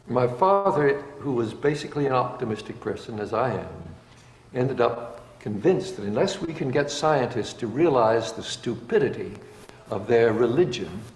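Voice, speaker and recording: A man's voice: mid-range voice, a little mellow. A man speaking in a blunt, impassioned, plainspoken way in a recorded talk. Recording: echoey hall with faint noise.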